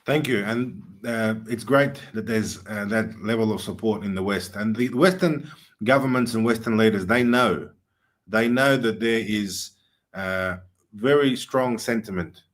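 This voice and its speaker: Male host, low voice, earnest and emphatic, pauses with "uh". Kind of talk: political commentary chat.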